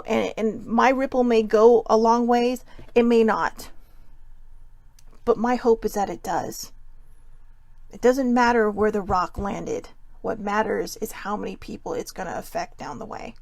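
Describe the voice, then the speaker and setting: A woman's voice: mid-range voice, vocal fry, darkish tone, no room sound. A woman hosting a live self-care talk, speaking earnestly and repeating herself for emphasis, tearful at times. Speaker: host.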